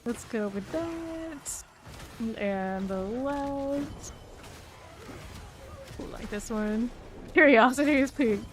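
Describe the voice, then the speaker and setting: A woman's voice: fairly high pitch, drawn-out words, long pauses, a little hiss or hum. Chatty woman with a mild Southern American accent. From Southern United States. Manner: chatty, teasing, laughs often while playing. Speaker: game streamer. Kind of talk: casual gameplay commentary.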